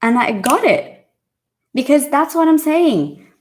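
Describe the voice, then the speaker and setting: A woman's voice: high voice, sing-song, slow, slight background noise. A woman hosting a live English lesson, chatting with viewers and acting out little dialogues. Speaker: English teacher and live-stream host. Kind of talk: casual live-stream teaching, reading viewer comments.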